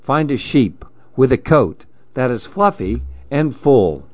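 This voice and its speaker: A kindly, practical woman vet from a storybook, put on by a man reading aloud. She sounds calm and matter-of-fact, dropping a little lower, with a slow, unhurried delivery. The recording is a touch dull and lo-fi. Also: no room sound.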